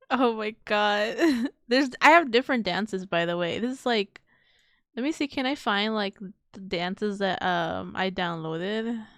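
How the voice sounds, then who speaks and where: A woman's voice: mid-range voice, slow pace, pauses often, fairly bright tone, no room sound, studio quality. A woman streamer chatting casually on a live stream, rambling, giggling often and swearing offhandedly. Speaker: VTuber streamer.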